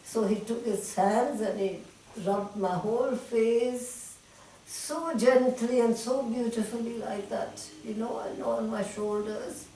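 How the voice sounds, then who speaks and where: A woman's voice: a little high, slow pace. An older woman from India, animatedly retelling memories with frequent laughs in an interview. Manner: animated storyteller, laughs often, lively retelling. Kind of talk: reminiscing conversation. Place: talk room at a centre. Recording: echoey room, distant mic, faint hiss.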